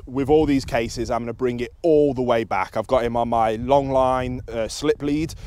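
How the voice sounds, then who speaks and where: Calm British man explaining dog training. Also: no echo. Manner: calm and instructive, with high excited praise to the dog. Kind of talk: explaining to camera while training outdoors.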